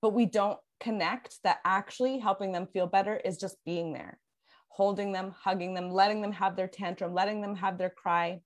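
A woman's voice: mid-range voice, steady tone, moderate pace. Woman, parenting coach, casual podcast chat, earnest, explanatory, filler words, restarts.

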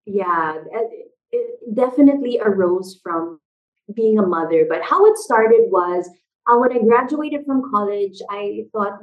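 A woman's voice: medium pitch, a little slow, highs cut off. A young adult woman, a theater company founder talking as a guest in a casual interview, telling stories animatedly with many fillers. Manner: animated storyteller, lots of fillers like "like" and "you know".

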